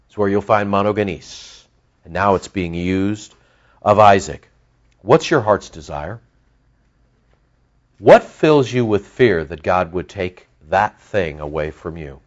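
A man preaching a sermon as pastor, animated, with lively emphasis and asides to his listeners. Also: sits low, measured pace, dull audio.

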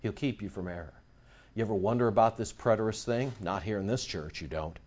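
A man's voice: fairly low pitch, brisk, a little mellow, highs cut off. A man preaching a sermon to his congregation. He asks rhetorical questions and repeats phrases for emphasis. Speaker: pastor.

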